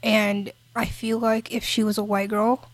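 A woman's voice: mid-range voice, level tone, measured pace, dry recording. A woman co-hosting a podcast, talking in a casual, emphatic and impassioned way. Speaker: podcast co-host.

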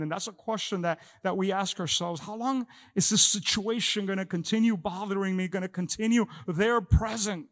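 A man's voice: high voice, a bit bright. A middle-aged man preaching a sermon as pastor, often repeating words as he talks. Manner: halting with many repeated words. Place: church hall. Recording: long echo of a large hall.

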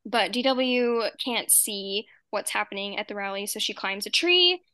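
A young woman chatting casually, retelling a story with lively energy. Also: normal speed, no echo. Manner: animated storyteller, acts out quoted lines in high voices. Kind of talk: casual chat.

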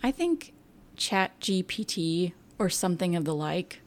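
A woman's voice: fairly low pitch, big pitch swings, unhurried. A woman co-hosting a podcast in casual chat, curious and teasing, asking lots of questions. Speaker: podcast co-host.

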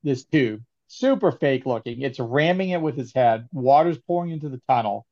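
A man co-hosting a casual movie review podcast, telling scenes in an animated way and laughing often. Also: mid-range voice, normal speed, dull audio. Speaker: podcast co-host.

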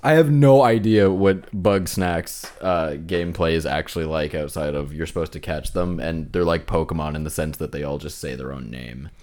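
A man's voice: rumbling low, normal speed, hardly any pauses, a little mellow. A young man from Atlantic Canada and podcast co-host, joking around and often trailing off mid-sentence in casual chat. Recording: noisy home podcast mic.

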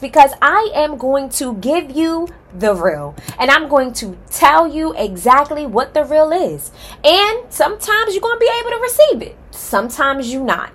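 In a high-pitched, sing-song voice with a fairly bright tone, a woman introduces her podcast solo at a moderate pace. She is the host, and she calls her listeners "y'all," speaking to them directly with passionate emphasis and heartfelt feeling, clearly nervous and excited.

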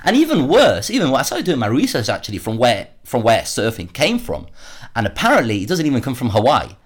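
A man's voice: medium pitch, wildly swooping pitch, fast. A man hosting a solo commentary podcast, worked up and sarcastic, often repeating words as he rants. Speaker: podcast host.

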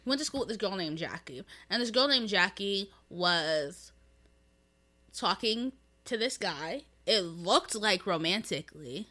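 A woman's voice: mid-range voice, animated, measured pace, pushed and bright. A young woman co-hosting a podcast, chatting casually and giggling as she tells a story and acts out the quoted lines. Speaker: podcast co-host. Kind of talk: casual chat.

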